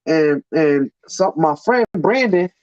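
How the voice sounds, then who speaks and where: A man's voice: fairly high pitch, expressive, takes it slowly, darkish tone, dry recording. A man in an interview telling his life story candidly, emphatic and profane, often repeating words as he restarts. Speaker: interview guest. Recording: dull lo-fi sound, dry.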